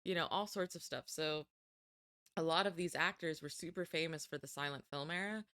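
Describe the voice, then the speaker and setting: A woman's voice: low voice, brisk, sharp tone, no room sound. A woman streamer chatting casually while reacting to a film. She is self-deprecating and often trails off and restarts. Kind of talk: casual live-stream commentary. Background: film music.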